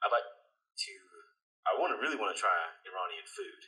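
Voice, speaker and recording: A man's voice: mid-range voice, wildly swooping pitch, moderate pace, sharp tone, poor audio. A middle-aged American man chatting casually as an interview guest, friendly and a little hesitant, often restarting his phrases. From United States. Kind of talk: casual conversation.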